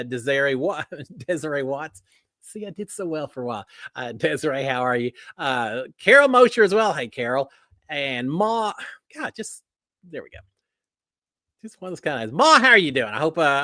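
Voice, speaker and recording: A man's voice: on the high side, a bit bright, no echo, studio quality. A middle-aged man from Texas with a Texan accent, hosting a live stream in a folksy, friendly way and laughing at himself. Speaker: host.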